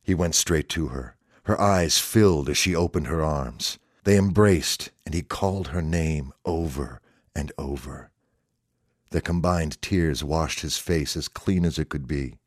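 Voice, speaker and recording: A man reads a story aloud in a steady, measured way. His voice is very deep. The recording is dry and close. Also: dry recording. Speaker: narrator. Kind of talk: scripted story narration.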